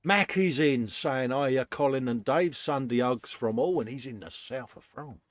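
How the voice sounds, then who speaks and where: A man's voice: medium pitch, a little slow, no echo. An English man hosting a casual live chat from his workshop, laughing often and calling everyone "mate". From England. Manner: chatty, laughs often, says "mate" a lot. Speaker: host.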